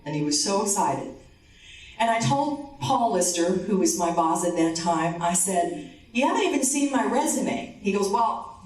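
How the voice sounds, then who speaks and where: A woman giving a motivational conference talk. She tells a story and acts out the dialogue, dropping her voice low for the man. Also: a little mellow, slight background noise. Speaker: conference speaker. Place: conference hall. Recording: roomy hall, distant mic.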